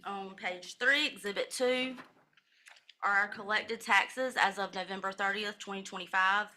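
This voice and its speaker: Brief: woman finance officer, bright voice, methodical reading of numbers at a public meeting. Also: medium pitch, a little slow. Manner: methodical, steady recital of figures with brief self-corrections. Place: county commissioners' meeting room.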